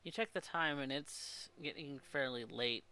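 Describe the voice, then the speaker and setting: Gravelly-voiced man running a tabletop game. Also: mid-range voice, measured pace, bright, forceful tone. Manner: descriptive, second-person scene-setting. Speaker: game master.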